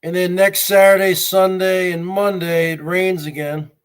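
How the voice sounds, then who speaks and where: A man's voice: high voice, little pitch movement, measured pace, clear, resonant tone. A man in his forties hosting his own vlog, rambling straight to his viewers and calling them folks. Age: 40s. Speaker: show host.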